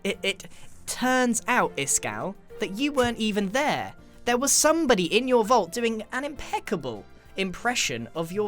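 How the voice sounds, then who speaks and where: A man hosting a casual gaming video, chatty and upbeat, quick to laugh. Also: sits high, fairly bright tone. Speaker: host.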